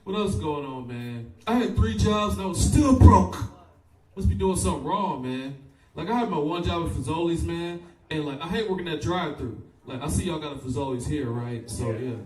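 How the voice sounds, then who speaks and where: A man's voice: on the high side, expressive, moderate pace, darkish tone, a little hiss or hum. A young man from Fort Wayne doing a loose, profane live stand-up set, working the crowd and laughing at his own jokes. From Fort Wayne, Indiana. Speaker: stand-up comedian. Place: comedy club stage. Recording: echoey club recorded from a distance.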